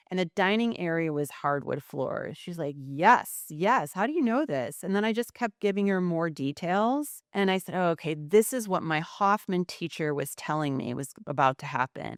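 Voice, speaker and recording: A middle-aged woman guest on a podcast, telling a personal story with lively quoted dialogue. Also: low-pitched, no room sound, clean studio sound. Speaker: podcast guest, psychic and entrepreneur. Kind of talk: conversational storytelling.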